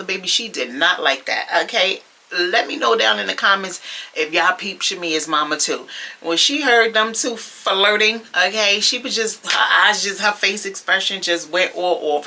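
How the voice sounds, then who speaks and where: A woman's voice: mid-range voice, bright, forceful tone, poor audio. A woman recapping a reality TV episode in a sassy, chatty way, calling her viewers y'all and using lots of fillers. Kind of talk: casual recap commentary.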